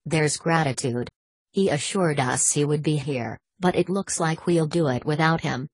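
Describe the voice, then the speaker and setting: A woman voicing a pompous, scheming older British knight on crutches, haughty and sharp-tongued. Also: low voice, normal speed, husky, no echo. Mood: imperious.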